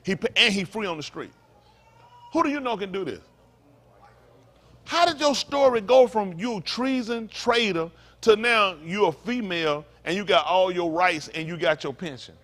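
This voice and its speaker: A man's voice: high voice, moderate pace, pushed and bright. A man preaching to a congregation in a fiery, emphatic way, repeating his points and throwing in mocking asides. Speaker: pastor.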